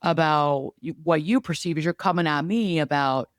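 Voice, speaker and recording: Earnest rambling man, smooth clear voice. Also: on the high side, normal speed, dry recording, studio quality. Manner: rambling, restarts often, earnest, uses air quotes. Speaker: podcast co-host. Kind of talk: casual conversational chat.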